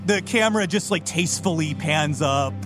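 A man narrating as game master of a comedic tabletop game, playful and quick to laugh. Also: a little high, over music.

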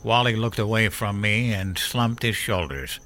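A man playing a gruff, profane old veteran. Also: fairly low pitch, unhurried, bright, forceful tone, a little hiss or hum. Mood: grim recollection. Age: older. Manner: profane, blunt storytelling. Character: gruff older man, war veteran father. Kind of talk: audio drama storytelling.

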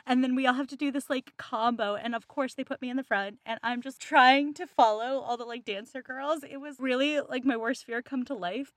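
A young woman co-hosting a casual book podcast, an animated storyteller who pokes fun at herself. Her voice sits fairly high. The recording is close and dry. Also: brisk, few pauses, no echo. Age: young adult. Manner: animated storyteller, self-mocking. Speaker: podcast co-host. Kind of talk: casual book-discussion chat.

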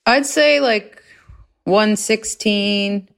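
Female comedy podcast guest, mid-pitched, deadpan and blunt, swears casually. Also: extremely slow, vocal fry. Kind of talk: improvised comedic banter.

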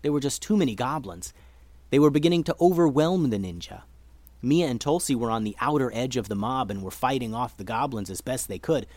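A man narrating a children's adventure story in a lively, expressive way as the podcast host. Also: mid-range voice, a little fast, dry recording. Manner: lively, expressive reading for kids.

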